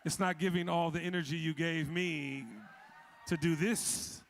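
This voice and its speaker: A man's voice: on the high side, fairly even intonation, measured pace, slight background noise. A man emceeing a live event, reading out names with playful jokes. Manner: playful, joking roll call. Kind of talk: live event shout-outs. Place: event hall with audience.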